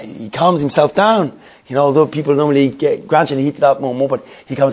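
A man tells a story to his Torah class at a brisk pace. His delivery is animated, with plenty of repeated words and quick restarts. His pitch sits in the middle of the ordinary range. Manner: rapid, animated, many restarts and repetitions. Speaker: Torah teacher.

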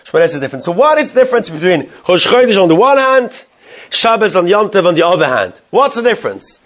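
Guy a high voice teaching halacha to a class, translating the hebrew as he goes, lots of questions to the room. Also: big pitch swings, fast, a bit bright. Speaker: Torah teacher. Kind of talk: Talmudic-style halacha class.

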